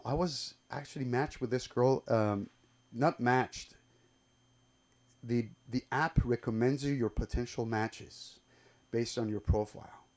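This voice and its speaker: A man's voice: medium pitch, darkish tone. A man doing a stand-up set at an open mic, telling rambling, profane stories full of fillers and restarts. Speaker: stand-up comedian. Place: live comedy club stage.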